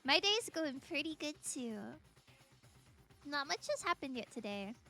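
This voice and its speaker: Bright-voiced chatty American streamer woman. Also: high voice, big pitch swings, a little slow. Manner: chatty, giggly, reading and answering chat. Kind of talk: casual game-stream chat. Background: faint game music.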